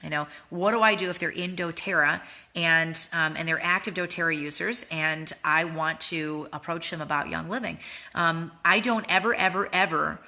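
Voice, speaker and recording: A woman's voice: sits low, moderate pace, pushed and bright. A woman leading a motivational training talk for her sales team, earnest and repetitive, often tagging lines with "right?". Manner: earnest, repeats words, frequent "right?" tags. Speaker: network marketing team leader.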